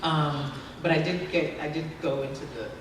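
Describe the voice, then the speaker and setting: A woman's voice: deep voice, fairly even intonation, moderate pace. Chatty woman in an echoey hall. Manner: chatty, laughs often, many fillers. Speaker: actress as panel guest. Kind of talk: convention panel Q&A. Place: large convention hall. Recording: echoey hall from far off, noisy.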